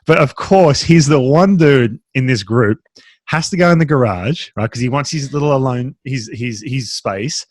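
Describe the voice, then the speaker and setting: A man in his thirties co-hosts a casual podcast chat, telling stories and jumping up in pitch to act out what his friends said. His voice sits in a middle range for a man and is recorded dry, with no room sound. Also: moderate pace, dry recording. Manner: animated, acts out quoted friends in a raised voice. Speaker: podcast co-host.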